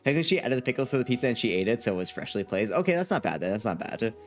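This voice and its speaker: A man's voice: mid-range voice, very animated, racing. Guy streaming, rambly and goofy, voice bounces all over, little bit of music in the back. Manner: rambling and playful, repeats phrases, reads chat aloud. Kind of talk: casual live-stream chat.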